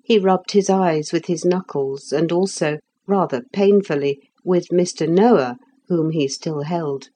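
A woman narrating a children's storybook with a gentle, expressive reading. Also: lowish voice, measured pace, hardly any pauses, slight background noise.

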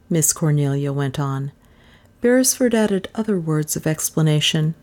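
A woman reading a mystery novel aloud as the narrator, steady and even. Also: deep voice, normal speed. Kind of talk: audiobook narration.

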